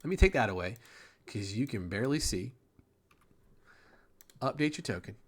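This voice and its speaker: A man's voice: fairly low pitch, lively intonation, normal speed. A man narrating a tabletop game as game master, rambling casually, swearing and trailing off mid-sentence.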